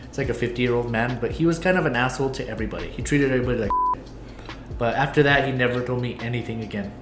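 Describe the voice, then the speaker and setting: A man co-hosting a casual podcast, telling stories in a lively way, swearing freely and acting out what others said. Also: medium pitch, rapid-fire, roomy sound, music in the background. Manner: animated storyteller, swears freely, acts out quoted voices. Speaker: podcast co-host. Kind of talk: casual chat.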